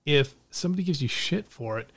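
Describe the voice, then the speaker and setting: A man in casual chat, calmly laying out another side of the argument. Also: a little high, brisk, breathy edge, no room sound. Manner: calm, reasoning, plays devil's advocate.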